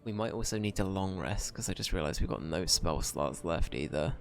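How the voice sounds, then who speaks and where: A man's voice: deep voice, expressive, a little fast, faint music behind. A man streaming a video game, chatting in a laid-back, rambling way and swearing freely. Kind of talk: casual gameplay commentary.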